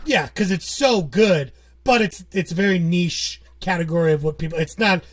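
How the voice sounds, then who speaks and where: A man co-hosts a podcast, chatting casually, rambling and joking with frequent laughs. His voice is high-pitched and his pace moderate.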